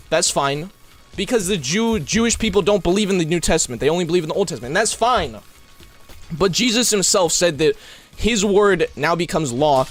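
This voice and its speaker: A young man from New Mexico with an American accent, streaming live and chatting with his viewers, swinging between yelling and talking normally and saying bro a lot. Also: sits high, expressive, normal speed, faint music behind.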